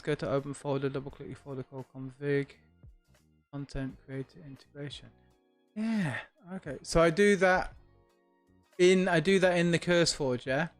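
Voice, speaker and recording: A man streaming a game live, casually thinking aloud and chatting back to his viewers. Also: a little high. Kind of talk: relaxed live-stream gaming chat. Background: faint lo-fi music.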